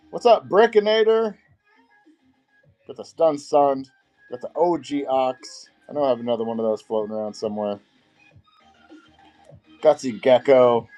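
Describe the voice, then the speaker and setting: A man's voice: medium pitch, dark tone. A man hosting a live-stream auction, greeting viewers by name and rattling off card names.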